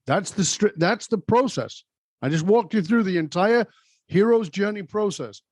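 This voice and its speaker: A man's voice: high-pitched, animated, moderate pace, a little mellow, no echo. A man hosting a podcast, emphatic and coaching, speaking straight to his listeners. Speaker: podcast host. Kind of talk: motivational interview talk.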